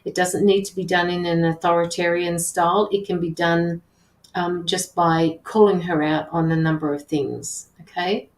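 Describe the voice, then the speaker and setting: A woman working as a tarot reader and medium, relaying messages in an earnest, halting way with many restarts. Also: fairly low pitch, level tone, echoey room, rough recording. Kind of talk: live intuitive reading.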